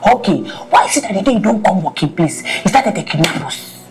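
A woman's voice: medium pitch, quick pace, close to an everyday voice. An actress playing a nosy, gossipy woman with a Nigerian accent, switching into Yoruba phrases as she talks. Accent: Nigerian, Yoruba-flavoured. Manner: gossipy, animated, mixes Yoruba into English. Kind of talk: comedic drama acting.

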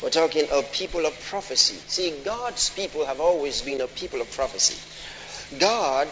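A man's voice: on the high side, bright, forceful tone. A man preaching a sermon, repeatedly questioning the congregation and pressing his points with emphatic repetition. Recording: long hall reverb, faint noise.

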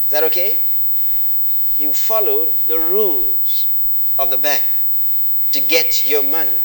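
A man's voice: fairly high pitch, animated, a little slow, a bit bright. A man preaching a sermon, repeatedly questioning the congregation and pressing his points with emphatic repetition. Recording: long hall reverb, faint noise.

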